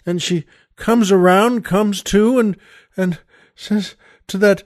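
A man's voice: sits high, unhurried, darkish tone, no echo, studio quality. An older man hosting a podcast, telling a joke in a rambling, chuckling way, with lots of fillers. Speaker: podcast host. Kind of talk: casual storytelling chat.

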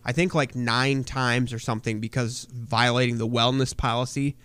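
A podcast co-host telling a wrestling story in casual, profane chat, full of fillers. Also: male voice, mid-range voice, steady tone, normal speed, a bit bright, clear, resonant tone, no room sound.

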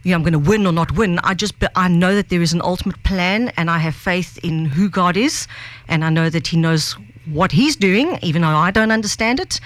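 A woman co-hosting a podcast who speaks in an earnest, measured and thoughtful way. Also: fairly low pitch. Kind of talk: reflective conversation about faith.

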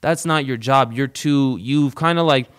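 Unhurried and clean-toned, a medium-pitched male host breaks down a coming fight on his laid-back podcast. He's blunt about it, swears often, and keeps addressing listeners as "bro."

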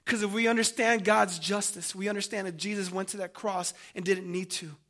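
Man, preacher, sermon, strikingly high pitch, dramatic shifts from loud to soft. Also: steady tone, fairly quick. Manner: dramatic, swings between loud emphasis and hushed tones; addresses listeners as family.

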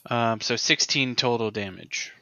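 A man with a bright, forward voice playing in a casual tabletop game. He is eager, tallies his rolls aloud and grumbles in mock exasperation when they go badly. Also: mid-range voice, unhurried. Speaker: player.

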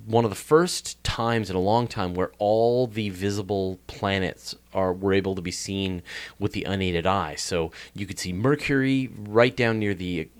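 A man with a Canadian accent, an astronomy podcast host, answering interview questions in an enthusiastic, rambling way with many restarts. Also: lowish voice.

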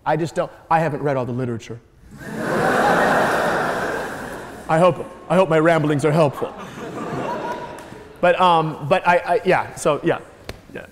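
A man's voice: on the high side, unhurried, long pauses, heavy background noise. A middle-aged man from Detroit with a Midwestern American accent, a comedian answering audience questions in a Q&A, rambling and restarting his sentences often. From Detroit, Michigan. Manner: rambling, many restarts and stammered repeats. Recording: reverberant hall.

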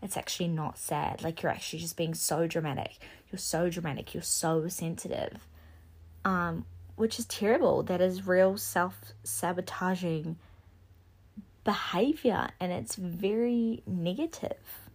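A woman's voice: fairly low pitch, a little slow, slightly rough. A young woman hosting a solo podcast, talking bluntly and with swearing, and getting more and more worked up. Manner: impassioned, blunt and sweary, rising to near-shouting. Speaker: podcast host. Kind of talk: casual solo podcast monologue.

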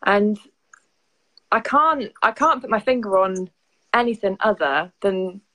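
A woman's voice: mid-range voice, expressive, a little slow, pushed and bright, rough recording. A woman, a guest on a live stream, chatting casually and telling little stories. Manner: chatty, storytelling. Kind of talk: casual chat.

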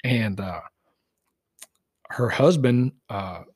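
A middle-aged man, a podcast guest who tells hunting stories in a casual, animated way and acts out the dialogue. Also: medium pitch, extremely slow, slightly rough, no room sound. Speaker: guest, dog tracker for wounded deer. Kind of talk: casual storytelling.

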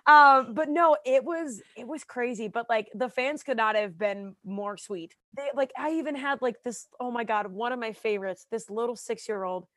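A young woman in casual chat, telling lively stories, acting out quotes and laughing often. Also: fairly high pitch, normal speed, hardly any pauses, no room sound. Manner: animated storyteller, acts out quotes, laughs often. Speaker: guest.

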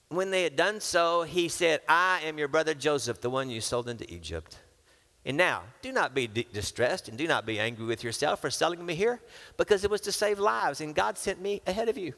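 A man's voice: on the high side, expressive, brisk, sharp tone. A man preaching a sermon, reading scripture and breaking into casual asides where he acts out the characters. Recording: long hall reverb.

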